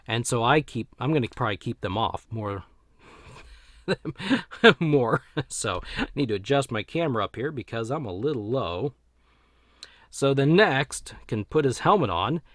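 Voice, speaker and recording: A man chats his way through a toy review at an easy, middle pitch, correcting himself and trailing off as he goes. His voice comes through dry and close, with no room sound around it. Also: a bit bright, no echo. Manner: rambling, self-correcting, chuckles to himself. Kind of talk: casual action figure review.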